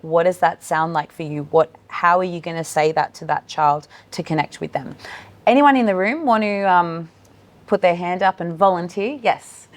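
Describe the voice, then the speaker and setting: A woman presents a live training workshop, her voice sitting a little on the low side. She talks with steady encouragement, turning to people in the room and to those joining online. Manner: warm, encouraging, addresses room and online audience. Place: meeting room with in-person and online attendees.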